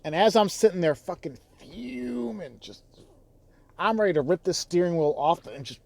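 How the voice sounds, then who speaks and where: A man's voice: fairly high pitch, normal speed, creaky, a little mellow, no echo. A man who drives for a rideshare app, talking in a casual vlog with a heated, exasperated, profane delivery. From Chicago area.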